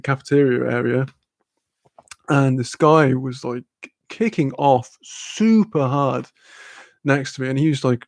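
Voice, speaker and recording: A man's voice: medium pitch, a little mellow, no echo. A young man from Newcastle with a Newcastle accent chatting casually on a livestream, rambling, laughing often and swearing freely as he answers chat. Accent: Newcastle English. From Newcastle, England. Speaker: streamer reading chat.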